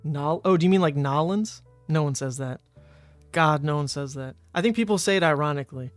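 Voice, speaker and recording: A young man with a fairly high voice streams a card game, thinking aloud about each play and trading wry remarks with his chat. His voice sounds close and dry, with faint music underneath. He grew up in New Orleans, but his speech has no regional accent. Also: fairly quick, no echo. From New Orleans, Louisiana, USA. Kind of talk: casual live-stream commentary.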